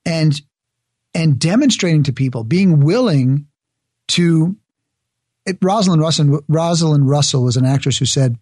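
A man being interviewed, talking earnestly and building each point with an example. His voice sits fairly high for a man. The sound is dry and close, with no room echo. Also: lively intonation, moderate pace, a little mellow. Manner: earnest, explains ideas through examples. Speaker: guest author and speaker. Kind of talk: conversational interview.

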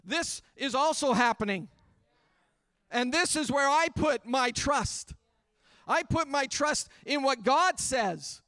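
A man's voice: extremely high pitch, expressive, takes it slowly, pushed and bright, no echo, clean studio sound. A man preaching a sermon, earnest and building fervor with repeated refrains. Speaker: pastor. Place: church livestream during pandemic.

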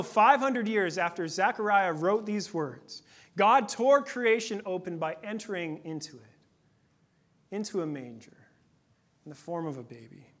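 A man in his thirties preaching a sermon in a conversational, earnest way, dropping to a hush at times. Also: sits high. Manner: conversational, earnest, with dramatic pauses and hushed moments. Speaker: pastor.

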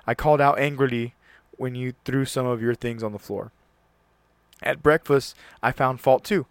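A man's voice: medium pitch, steady tone, normal speed, smooth, no room sound. Male host, mid-range voice, dry close mic; casual solo talk, earnest read-aloud with occasional stumbles. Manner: reads aloud earnestly, stumbles and restarts on words.

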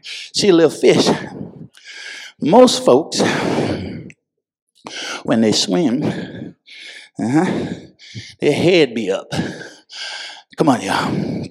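Raspy preacher man, hush to shout. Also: on the high side. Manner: call-and-response preaching, swings from hushed murmurs to shouted peaks. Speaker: pastor. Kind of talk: sermon.

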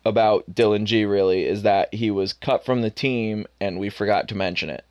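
A man co-hosting a casual sports podcast, excitable and quick to rant, talking late at night. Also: on the low side, lo-fi sound, a crowd in the background. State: sleepy. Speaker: podcast co-host.

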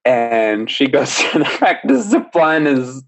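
A young man, a podcast guest, telling a story in a casual, animated way, often laughing. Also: mid-range voice, slow pace, creaky. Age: young adult. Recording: slightly dull lo-fi recording.

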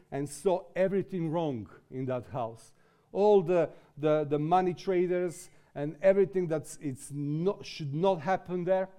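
A man preaching a sermon in English, which is not his first language, building from quiet talk to impassioned exhortation. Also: a little high. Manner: impassioned, rises to shouting exhortation.

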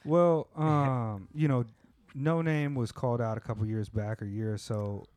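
A man's voice: mid-range voice, fairly even intonation, a little slow, a little mellow, no room sound. A man hosting a podcast, talking at length in a laid-back, talkative way and swearing a lot. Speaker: podcast host. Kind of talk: casual chat.

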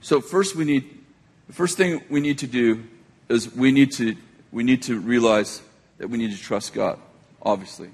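Husky older male pastor preaching. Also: medium pitch, moderate pace, darkish tone, in a large hall. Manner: conversational storytelling, frequent restarts. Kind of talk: sermon.

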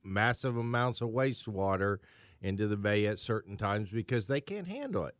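A man's voice: on the low side, lively intonation, normal speed, dry recording, studio quality. A man co-hosting a casual radio talk show, explaining things with a touch of sarcasm. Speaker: radio co-host. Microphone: studio microphone.

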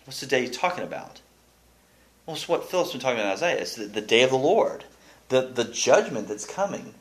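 Lively man teaching scripture. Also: medium pitch, brisk. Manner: animated, restarts often, reads scripture aloud. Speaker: Bible study teacher. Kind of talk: casual Bible study teaching.

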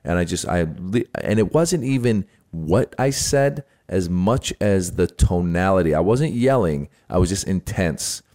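A man's voice: deep voice, animated, unhurried, hardly any pauses, dark tone. A middle-aged man in casual chat, telling a family story and acting out the quotes with animation.

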